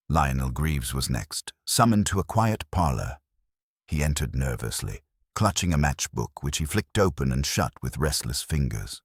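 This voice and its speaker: A man giving scripted narration of a mystery in a measured storytelling manner. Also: very deep voice, very animated, husky, no room sound, studio quality.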